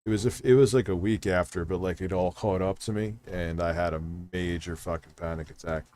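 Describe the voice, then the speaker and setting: A man's voice: low-pitched, a little fast, a little mellow. A man hosting a podcast, talking casually and chiming in with short remarks. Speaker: podcast host. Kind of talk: casual chat.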